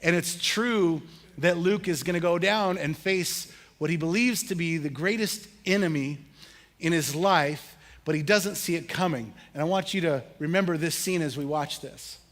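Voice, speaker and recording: Middle-aged male pastor, high tenor, relaxed storytelling sermon with humor. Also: normal speed. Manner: casual, humorous storytelling with audience questions. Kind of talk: conversational sermon.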